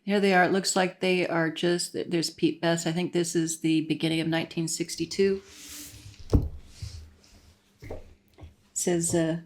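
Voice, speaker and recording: A woman's voice: on the low side, little pitch movement, unhurried, pauses often, slight background noise. A woman vlogger in casual chat, reading passages from a book aloud with chatty, giggly asides and plenty of fillers.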